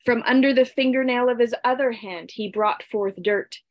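A woman narrating an ancient myth in a deliberate, solemn storytelling style. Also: fairly high pitch, no room sound.

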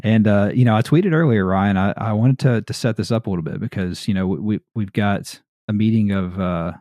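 Southern US man, low dark voice, casual podcast host, dry close mic. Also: fairly quick, dry recording. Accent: American Southern. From American South. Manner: laid-back, chatty, laughs often.

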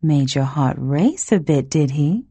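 A woman's voice: sits low, animated, measured pace, warm tone, slightly rough, no room sound, full character voice. A woman voicing a mocking, condescending noblewoman. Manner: teasing, condescending. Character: amused, mocking noblewoman cousin.

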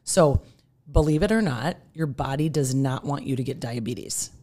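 Low-voiced woman explaining nutrition. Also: normal speed. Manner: energetic, explanatory, acts out the body's voice in quotes. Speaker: nutrition therapist guest. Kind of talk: podcast interview.

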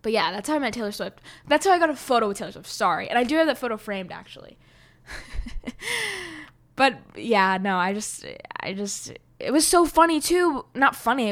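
A young woman telling a personal story to camera in a casual, rambling way, full of "like" fillers and swearing, getting excitable as she goes. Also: on the high side.

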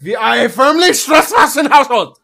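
A man's voice: high-pitched, big pitch swings, normal speed, fairly bright tone, heavily acted. A man voicing a pompous German-accented businessman with a put-on German accent, ranting and indignant. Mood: outraged ranting.

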